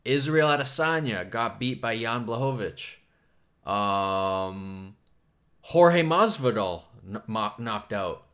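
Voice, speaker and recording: A man's voice: medium pitch, a bit bright. A man hosting a solo podcast, rambling from topic to topic in a self-mocking, profane way. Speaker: podcast host.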